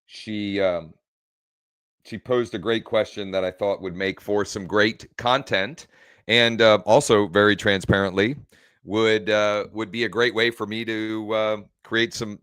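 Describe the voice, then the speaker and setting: A man speaks slowly in a low voice, hosting a casual live stream from his home. He rambles and keeps restarting his phrases as he corrects himself. The sound is dry and close. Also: a bit bright, no echo. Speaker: real estate coach hosting a live stream.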